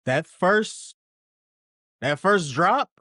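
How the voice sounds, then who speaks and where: A man hosting a podcast in casual chat, animated and swearing for emphasis, with his voice jumping up when he gets excited. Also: sits high, very slow, no room sound, studio quality. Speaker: podcast host.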